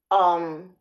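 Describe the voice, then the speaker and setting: A woman's voice: fairly low pitch, dull audio. A woman vlogger in a casual monologue, rambling and sardonic, often restarting her sentences.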